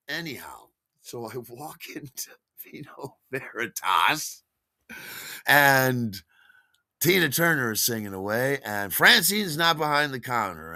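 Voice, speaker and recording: A man's voice: mid-range voice, sharp tone, no room sound, clean studio sound. A man telling a long personal story in a wry, digressive, chatty way. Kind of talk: spoken storytelling monologue.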